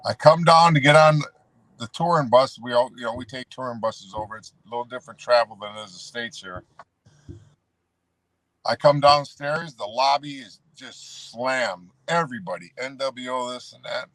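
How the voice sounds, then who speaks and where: Speaking at normal speed, a man with a medium-pitched, fairly bright voice comes through without echo. This former pro wrestler, a guest on the show, rambles casually through road stories, leaning on "you know" and calling the host "brother."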